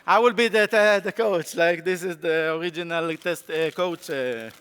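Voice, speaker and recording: A man with a sore throat gives a live conference talk, playfully coaching volunteers on stage in an animated way. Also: a little high, moderate pace, smooth. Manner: playful, animated, coaxing the audience. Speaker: conference speaker. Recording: long hall reverb, faint crowd noise.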